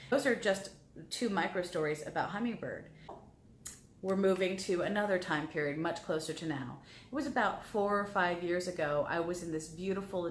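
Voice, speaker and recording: A woman's voice: on the low side, reverberant, a little hiss or hum. A woman guest on a talk show, telling personal stories in a heartfelt way and repeating words as she remembers. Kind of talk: personal storytelling.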